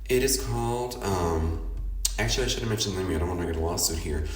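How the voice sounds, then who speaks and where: Fast-talking and low-voiced, he's a podcast host from Chicago with the accent to match, delivering a casual monologue about his own life. His manner is chatty and expressive: he laughs a lot and performs his own past lines as theatrical asides. There's roomy echo on the recording, and he sits somewhat far from the microphone.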